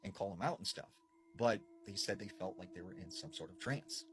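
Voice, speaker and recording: Lively man telling a scary story. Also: low-pitched, a little fast, poor audio. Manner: animated, conversational with frequent fillers. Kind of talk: casual spoken scary storytelling.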